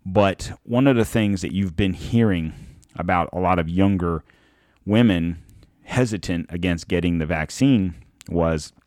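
A man with a deep, low voice hosts his podcast in a loose, sarcastic monologue and leans hard on the points he wants to land. The sound is dry and close, with no room echo at all. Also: a little slow, pauses often, darkish tone. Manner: sarcastic, emphatic, laughs at his own points. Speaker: podcast host. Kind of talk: casual monologue.

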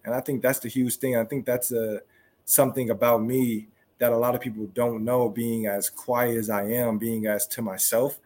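Quiet young guy, athlete on a podcast, mid pitch, keeps restarting his sentences. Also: little pitch movement. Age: young adult. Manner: soft-spoken, halting with many restarts. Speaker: guest, pro football wide receiver. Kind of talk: casual interview talk.

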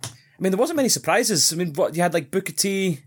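A man's voice: sits high, lively intonation, fast talker, breathy edge. Scottish male podcast host, rambling casual banter, lots of swearing and laughs. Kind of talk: casual chat.

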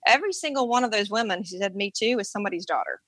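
A woman's voice: mid-range voice, animated, very fast, a bit bright, no echo. Woman author explaining ideas. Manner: explanatory, coaching tone, checks understanding. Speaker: guest author. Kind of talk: conversational interview.

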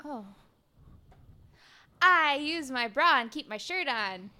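A woman's voice: sits high, expressive, takes it slowly, bright, forceful tone. Casual female tabletop player. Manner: casual, hesitant, laughing. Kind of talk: tabletop role-play.

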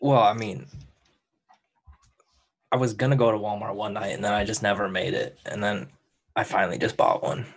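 A man's voice: on the low side, normal speed, creaky, long pauses, breathy edge. A young man on a casual podcast who stumbles through his words. He is awkward and hesitant and breaks into laughter a lot. He is speaking into a USB mic. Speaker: podcast co-host. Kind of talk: casual chat.

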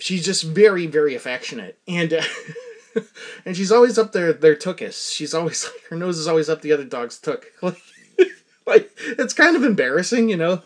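A man casually telling a long personal story, rambling with many restarts and frequent laughter. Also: a little high. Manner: rambling, self-interrupting, laughs often.

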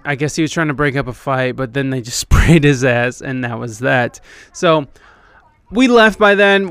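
A man's voice: fairly high pitch, a bit bright, clear, resonant tone, dry recording. Rambling, foul-mouthed young man telling a story. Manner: rambling, profane, self-deprecating. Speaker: podcast host and band keyboardist. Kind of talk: casual storytelling monologue.

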